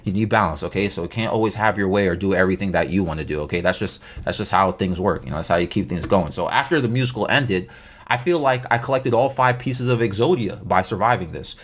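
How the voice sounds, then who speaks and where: A man's voice: low voice, fast. A man telling a casual story time, rambling along with stammered restarts and slang.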